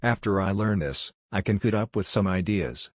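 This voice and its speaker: A man reading the lines of a lazy, blunt teenage boy ninja, flat and dismissive. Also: low-pitched, moderate pace, no room sound, studio quality.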